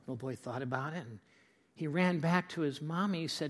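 Joke-telling pastor, lively man. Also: a little high, normal speed. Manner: chatty storyteller, restarts and fillers, lively delivery. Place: church.

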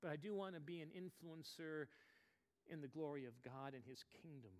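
A man preaching a sermon as pastor, swinging from near-whispers to loud outbursts. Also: on the high side, steady tone, normal speed, clean tone. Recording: long reverb of a large hall.

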